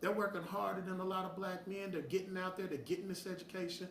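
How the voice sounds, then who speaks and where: A man's voice: high voice, steady tone, fast talker, recorded from a distance. A blunt, preachy middle-aged man holds forth in a slightly raised voice. He sounds set back from the mic in a roomy, echoing space with faint ambient noise. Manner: blunt, preachy, heated bursts. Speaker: host. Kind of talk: opinionated direct-to-camera talk.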